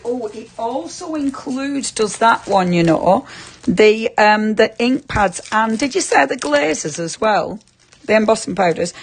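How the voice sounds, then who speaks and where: A woman presenting a live craft demonstration on a shopping channel, chatty and effusive, greeting viewers by name. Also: mid-range voice. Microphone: earpiece with producer talkback.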